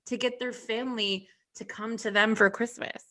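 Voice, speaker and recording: A woman's voice: a little high, fairly even intonation, moderate pace, sharp tone. A woman in her thirties co-hosting a podcast, chatting casually with a dry, blunt, sardonic manner. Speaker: podcast co-host. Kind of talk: casual chat.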